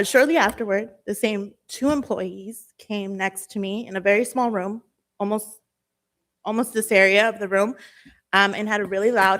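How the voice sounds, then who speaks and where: A young woman from Southern California speaks at a city meeting's public comment, nervous and emotional. Her speech halts often and is full of fillers. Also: mid-range voice.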